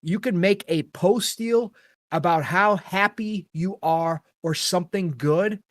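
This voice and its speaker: A man's voice: high voice, a little slow, no room sound. A middle-aged man hosting a gaming podcast, talking in an earnest, rambling, opinionated way with casual swearing. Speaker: podcast host.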